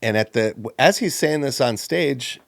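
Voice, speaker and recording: Animated storytelling man, dry close sound. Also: mid-range voice, unhurried, vocal fry, dry recording. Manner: animated, acts out the people he quotes. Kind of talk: personal storytelling in conversation.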